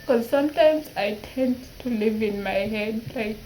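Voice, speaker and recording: A woman in her twenties talking through tears in a personal vlog, halting and repeating herself. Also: fairly high pitch, warm tone, slight background noise, low-quality recording. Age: 20s. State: tearful, crying at times. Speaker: vlogger.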